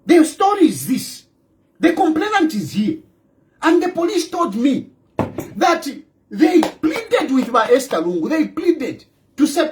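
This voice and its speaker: A man's voice: very high voice, big pitch swings, unhurried. A man with a Zambian accent giving an emphatic broadcast monologue as a political commentator, with repeated rhetorical questions. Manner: emphatic and repetitive, rhetorical questions, switching into local phrases.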